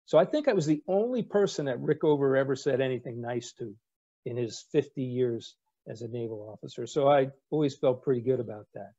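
A man in his sixties, a retired navy captain, spins wry anecdotes at an easy pace, dropping in casual fillers as he goes. His voice is warm and mellow, sitting at an ordinary middle pitch. The recording sounds a little dull and lo-fi. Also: brisk, slightly rough. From United States. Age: 60s. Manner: wry, relaxed storyteller with fillers. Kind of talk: anecdotal storytelling talk.

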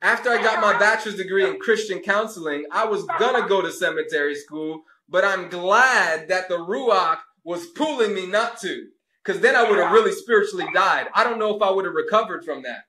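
A man's voice: high-pitched, brisk, sharp tone, echoey room. A man rebuking a caller, taunting and sarcastic in a preachy rant. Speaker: religious video host.

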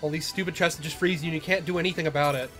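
A man's voice: fairly high pitch, fairly even intonation, racing, a bit bright. A young man casually rambling through let's-play commentary, self-deprecating and swearing often. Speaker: gamer. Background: game music.

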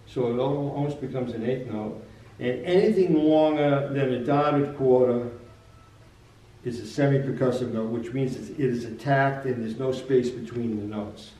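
In a relaxed chat about playing, a man who plays and teaches saxophone walks through jazz articulation, frequently repeating his words. He speaks at normal speed in a medium-pitched voice with a dark tone, and the mic sits far off in a roomy space.

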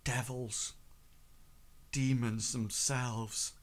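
A man's voice: medium pitch, level tone, very slow. A man voicing a frightened, injured young male miner who stammers and repeats himself in a tabletop game. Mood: shaken.

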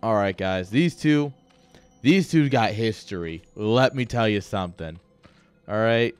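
A man's voice: fairly low pitch, expressive, measured pace, smooth, faint music behind. A young man casting a live game with hyped, joking play-by-play, talking straight to his viewers. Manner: hype, joking, talks straight to chat. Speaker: esports caster.

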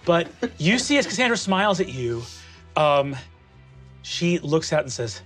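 A man narrating as game master of a tabletop game, animated and quick to laugh. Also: on the high side, music in the background. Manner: animated, lively, breaks into laughter.

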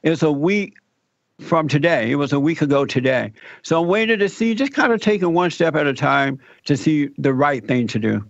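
A man telling a personal story in an interview, animated and acting out the people he quotes. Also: fairly high pitch, moderate pace, creaky, dry recording, highs cut off. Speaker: guest telling his story.

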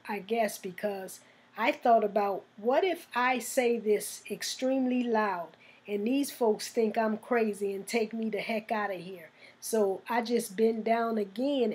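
Smooth-voiced woman telling a testimony. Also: medium pitch. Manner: soft-spoken, reflective, earnest. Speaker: exhorter giving a testimony. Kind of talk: personal testimony storytelling.

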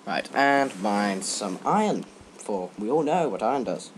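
A teenage boy rambling and joking through gaming commentary, breaking into sudden loud yelps. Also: fairly low pitch, very animated, a little slow, a little hiss or hum. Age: teens. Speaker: let's play gamer.

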